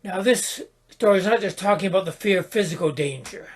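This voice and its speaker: A man hosting his own podcast, giving a reflective spoken sermon in a calm, contemplative manner with small restarts. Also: high-pitched, brisk. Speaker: podcast host and spiritual teacher.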